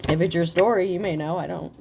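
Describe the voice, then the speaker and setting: A woman giving a casual tarot reading, talking in a profane, animated way and laughing often. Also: on the low side, quick pace, vocal fry, background noise. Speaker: tarot reader.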